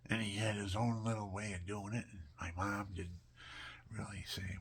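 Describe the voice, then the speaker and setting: A man telling personal stories in a casual, animated way, often dropping to a near whisper. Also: lowish voice, normal speed, husky. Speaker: storyteller.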